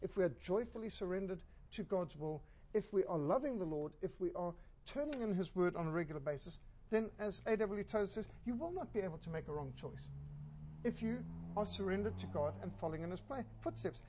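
A woman's voice: on the low side, animated, a little fast, dark tone, lo-fi sound, a little hiss or hum. A woman preaching a sermon in an emphatic way, asking rhetorical questions.

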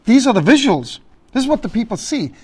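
A man teaching a church group about public speaking, emphatic and lively, listing his points and acting out rambling callers. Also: very high-pitched, fairly quick, breathy edge. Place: meeting hall.

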